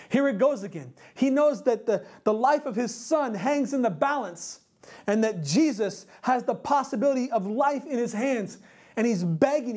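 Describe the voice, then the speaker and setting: A man's voice: high-pitched, lively intonation, normal speed, darkish tone. A male pastor preaching a sermon in an earnest, emphatic way, repeating rhetorical questions.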